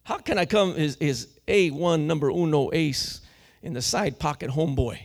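A man preaching a sermon with fervor, slangy and full of restarts, often building up to shouting. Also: on the high side, normal speed.

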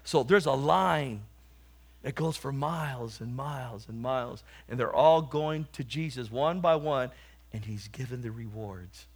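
A man's voice: medium pitch, measured pace, breathy edge. A man preaching a sermon, telling a humorous story and then exhorting and praying fervently.

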